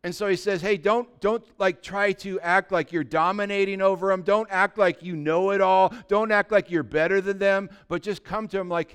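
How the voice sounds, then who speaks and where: A man preaching a conversational sermon as pastor, dropping to a soft, quiet voice when acting out gentle words. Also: high voice, steady tone, moderate pace, hardly any pauses, smooth. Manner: conversational preaching, drops to a soft voice for imagined dialogue.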